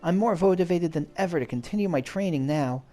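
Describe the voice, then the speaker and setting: A man's voice: a little high, a little fast, dark tone, faint music behind, pitched above the performer's own voice, close to an everyday voice. A man voicing an earnest, grateful young woman trainee, reading game dialogue aloud.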